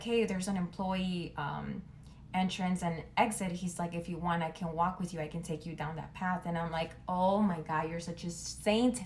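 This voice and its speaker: Young woman telling a story, says like a lot, kinda low voice, bit of background hiss. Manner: chatty, lots of "like", acts out quotes. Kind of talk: casual storytelling.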